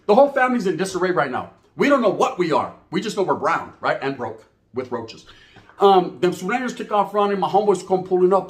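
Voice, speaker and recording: A high-voiced man spins a rowdy story from California, his pitch swinging widely as he jumps between characters. He talks in thick street slang, with bursts of mock shouting. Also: fast talker. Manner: animated, acts out voices, heavy Chicano slang. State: out of breath.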